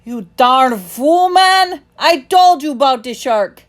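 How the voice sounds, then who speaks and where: A woman voicing a gruff, protective old island sailor man who roars and speaks slowly and emphatically in a storybook reading. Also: mid-range voice, a little mellow, natural voice. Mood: angry. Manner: roaring, slow and emphatic.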